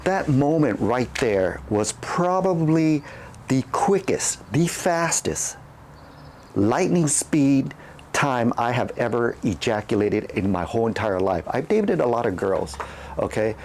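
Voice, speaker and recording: A man's voice: medium pitch, lively intonation, takes it slowly, darkish tone, slight background noise. Man, casual storyteller, candid and rambling, mid-range voice. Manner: rambling, candid, with repeated words and restarts. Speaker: channel host.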